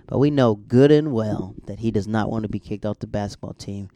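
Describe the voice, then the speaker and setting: A man's voice: fairly low pitch, fairly quick, mellow, no room sound. A young man casually recapping a TV episode, rambling and correcting himself as he goes. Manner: rambling, chatty, self-correcting asides. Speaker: show recap host.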